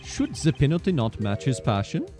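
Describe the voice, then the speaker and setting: A man's voice: mid-range voice, huge pitch swings, moderate pace, warm tone. A man voicing a flamboyant young male prosecutor with a put-on German accent, reading game dialogue live over faint music. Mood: smug.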